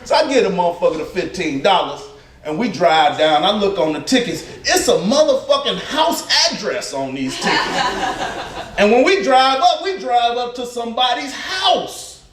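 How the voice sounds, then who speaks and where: A man doing stand-up comedy, telling profane stories in an animated way and laughing at his own jokes. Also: high-pitched, moderate pace. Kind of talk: stand-up storytelling. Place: comedy club stage. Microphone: stage mic. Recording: echoey club from a distant mic. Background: audience laughter.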